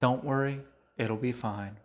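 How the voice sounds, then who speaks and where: A man's voice: medium pitch, fairly even intonation, unhurried, natural voice. A man reading aloud, voicing a friendly, self-assured young woman who teases two kids.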